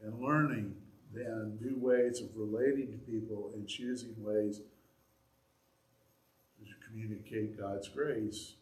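A man preaching a sermon, animated and acting out little examples as he goes. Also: fairly low pitch, slow. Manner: animated, acts out examples with shifts in loudness. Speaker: pastor. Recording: echoey room.

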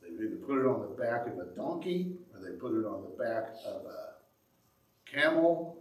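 A pastor preaches a sermon, telling the story conversationally and acting out the quotes, with a very animated manner. His voice is fairly low and his speed normal. He stands away from the mic in an echoey room, so he sounds distant.

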